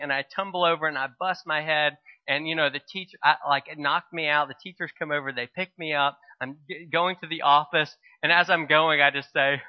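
A male pastor giving a sermon, explaining scripture and telling a humorous childhood story in a relaxed, conversational way. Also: on the high side, moderate pace, dull audio.

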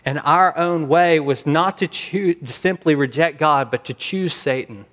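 A man preaching a sermon as pastor, earnest, slowing down and rising in volume for emphasis. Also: a little high, a bit bright. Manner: earnest, slows and rises for emphasis.

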